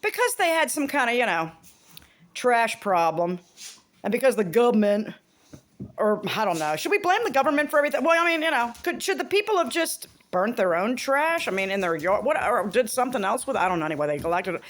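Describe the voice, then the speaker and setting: A woman's voice: fairly high pitch, very animated, a little fast. A woman vlogger talking to camera in a rambling, profane, exasperated rant.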